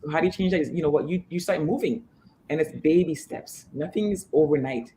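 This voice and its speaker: Rapid, emphatic woman fitness trainer. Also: deep voice, warm tone, slight background noise. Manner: emphatic, motivational, fast restarts. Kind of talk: interview guest.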